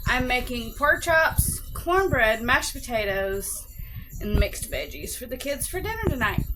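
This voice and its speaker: Southern lady w an alabama drawl, slow and easygoing, chatty cooking vlog in her kitchen. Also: a little high, sing-song, bright, forceful tone, a little hiss or hum, poor audio. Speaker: home cooking vlogger. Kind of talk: casual cook-along narration. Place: home kitchen.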